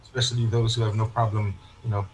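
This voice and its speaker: A man's voice: lowish voice, flat delivery, quick pace, slight background noise, low-quality recording. A man, a parish priest, talking in a casual interview and telling stories that he acts out with quoted remarks and frequent restarts.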